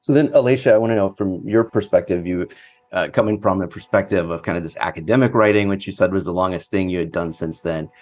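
Podcast host guy, really low voice, easygoing questions, dry sound. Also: fast, no echo. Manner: relaxed, asks open questions with fillers. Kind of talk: interview questions.

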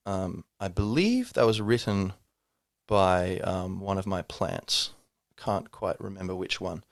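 A man's voice: low-pitched, animated, takes it slowly, creaky, no room sound, studio quality. A man hosting a solo podcast, talking reflectively and rambling, with many fillers and restarts. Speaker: podcast host.

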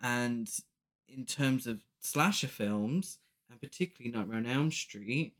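Unhurried and fairly bright, this mid-range male voice belongs to a podcast co-host chatting casually about a horror film. Giggly and opinionated, he laughs frequently and picks up speed whenever he argues a point.

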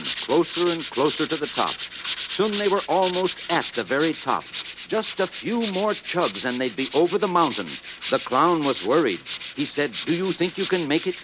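A man narrating a children's story in an expressive, animated way on an old 78 RPM record. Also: medium pitch, moderate pace, very noisy. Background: music.

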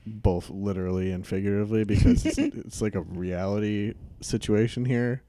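Man, podcast guest, mellow dark tone, hesitant, deadpan jokes, dry sound. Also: fairly low pitch, moderate pace, no room sound. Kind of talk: casual chat.

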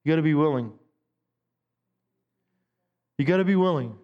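A man's voice: a little high, lively intonation, normal speed, in a large hall, highs cut off. A man in his fifties, a pastor preaching a sermon in a conversational way, with stammered restarts. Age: 50s. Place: church sanctuary.

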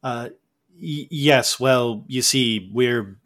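A man voicing a laid-back hippie parent of a player character, explaining haltingly in a tabletop game. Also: medium pitch, a bit bright. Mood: sheepish.

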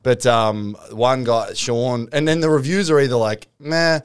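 A man's voice: mid-range voice, moderate pace, smooth. A man with an Australian accent, chatting casually and acting out reviews with mock outrage. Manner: animated storyteller, reads out reviews in mock-outraged voices. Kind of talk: casual chat.

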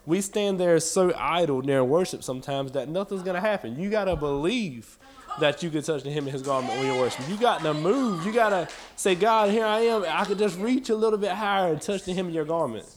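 Impassioned male preacher, higher voice. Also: expressive, fairly quick, hardly any pauses. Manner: impassioned, repetitive preaching cadence; folksy, with y'all. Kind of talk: sermon.

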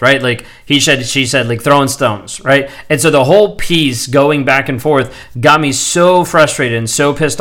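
A man in his thirties speaks at an ordinary mid pitch, hosting his own podcast. He talks candidly and loosely, circling back with many fillers as he works through his week. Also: fairly bright tone. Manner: candid, rambling, frequent "like" fillers. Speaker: podcast host. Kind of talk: casual solo podcast monologue.

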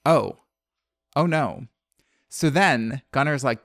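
A man co-hosting a podcast gives an animated, casual recap of a movie, acting out what the characters say. His mid-pitched voice moves at normal speed, with dry, clean studio sound.

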